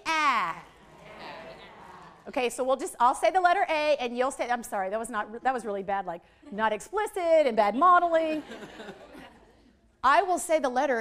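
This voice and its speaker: High-voiced woman leading a teacher workshop. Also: brisk. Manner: lively, modeling letter sounds to a room of teachers. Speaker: literacy trainer.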